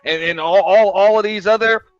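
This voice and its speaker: A man's voice: high-pitched, moderate pace, no echo. A man hosting a show, giving a blunt, profane, emphatic rant in casual talk. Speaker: host. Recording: dull lo-fi, dry sound.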